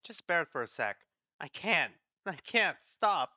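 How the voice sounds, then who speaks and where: A man voicing someone in sharp pain, pleading loudly and strained, on dull lo-fi audio. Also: a little high, sing-song, fast, dry recording, heavily acted.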